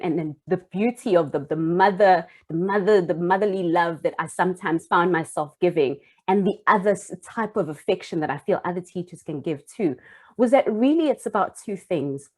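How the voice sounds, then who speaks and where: A woman's voice: on the low side, fairly quick, darkish tone. A young adult woman and former primary school teacher telling a personal story in an earnest, heartfelt way, with small restarts.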